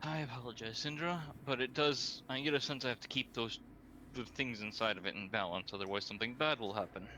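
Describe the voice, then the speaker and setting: A man's voice: medium pitch, fairly quick, bright, forceful tone, a little hiss or hum. A man playing a tabletop role-playing game, speaking in character, blunt and exasperated. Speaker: player.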